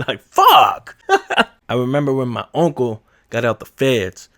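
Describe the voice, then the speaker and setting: A man spins family stories in casual, slang-heavy talk, lively and quick to laugh. His pitch sits in the middle range for a man. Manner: slangy and animated, laughs often. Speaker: vlogger. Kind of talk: casual storytelling.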